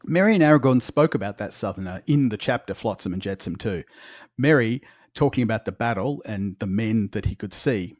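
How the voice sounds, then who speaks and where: An Australian man co-hosts a casual book podcast. He reads passages in a measured, even way and chuckles between points. The sound is dry and close. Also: lowish voice, no echo. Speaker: podcast co-host.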